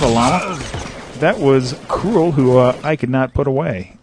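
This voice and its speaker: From his apartment, a man from Southern California runs a casual internet radio show, calling the action of a shooter game he's playing while he jokes and meanders through lots of fillers. He has a mid-range voice and a measured pace against a noisy background.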